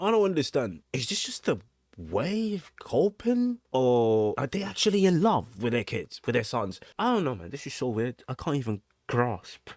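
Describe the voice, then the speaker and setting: A man's voice: medium pitch, no room sound. Exasperated man, dry close sound. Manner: emphatic, exasperated, repeats himself. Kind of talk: casual reaction commentary.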